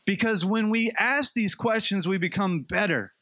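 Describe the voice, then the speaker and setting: Brief: a high-pitched male preacher, chatty and humorous, dry recording. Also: moderate pace, dry recording. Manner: conversational, animated storytelling with light humor. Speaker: pastor. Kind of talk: sermon.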